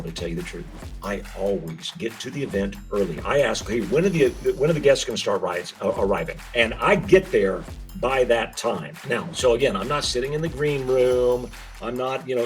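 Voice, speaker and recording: A man coaching on public speaking, his voice sitting in a middle register. He talks with lively energy and keeps turning to the listener with questions, with soft music playing faintly underneath. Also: medium pitch. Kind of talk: webinar presentation on public speaking.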